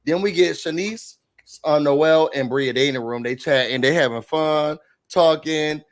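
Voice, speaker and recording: A man's voice: on the high side, normal speed. A man co-hosting a podcast, casually recapping a reality show and acting out the cast's lines. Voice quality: animated retelling, acting out quotes.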